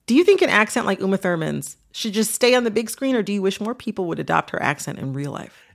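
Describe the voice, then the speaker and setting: A woman from Michigan, hosting an interview in a relaxed, thoughtful way and laughing easily. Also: mid-range voice, fast, vocal fry. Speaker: podcast host.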